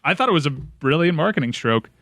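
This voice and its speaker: A man's voice: a little high, animated, fairly bright tone, no room sound, clean studio sound. Wry man telling a story on a talk show. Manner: storytelling, wry, halting restarts. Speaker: show regular. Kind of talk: casual chat.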